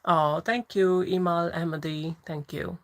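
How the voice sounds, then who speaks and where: A woman's voice: lowish voice, steady tone, a little slow, low-quality recording. A woman hosting a casual livestream, chatting and laughing as she answers viewer comments. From England. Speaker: livestream host.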